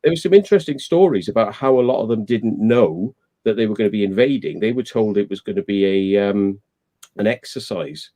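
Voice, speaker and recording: A man on a live stream, talking in a loose, casual way that slides into heated rants full of swearing. His voice is low and mellow, with a soft, dark tone. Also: lively intonation, brisk. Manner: ranting, swears freely.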